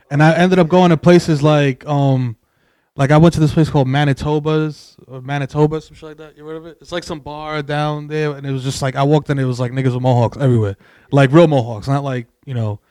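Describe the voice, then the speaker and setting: A young man telling animated, profane stories on a podcast, wandering off on tangents. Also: medium pitch. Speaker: podcast guest. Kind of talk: casual podcast chat.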